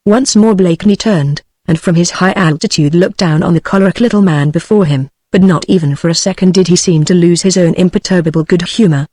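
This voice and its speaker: A woman's voice: fairly low pitch, a little fast, hardly any pauses, no room sound. Synthetic British female narrator, dry close sound, evenly paced audiobook reading, no character voices. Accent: British English. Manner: even, unacted reading of all characters.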